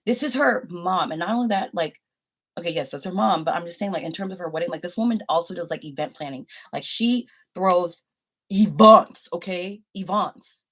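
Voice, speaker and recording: A woman's voice: lowish voice, brisk. A young adult woman vlogger telling a personal story to her viewers in a casual, rambling way, full of "like" and asides.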